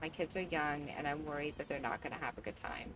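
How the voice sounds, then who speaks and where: A woman's voice: sits low, fast talker, a bit bright, slight background noise, poor audio. A woman in her thirties streaming a game from home, chatting in a rambling, easygoing way full of fillers. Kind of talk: casual chat while gaming.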